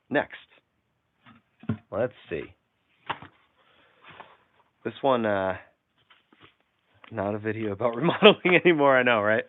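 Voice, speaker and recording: On a casual live stream, a male host with a lowish voice reads out goofy jokes and comments from viewers, laughing frequently as he goes. Slight background noise sits under a tinny, phone-like sound.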